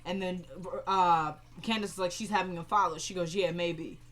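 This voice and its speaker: A young woman giving a casual, opinionated recap of a TV episode, acting out the characters' lines in quick quoted bits. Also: on the low side. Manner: animated, retells scenes in quoted voices, opinionated. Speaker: show recapper.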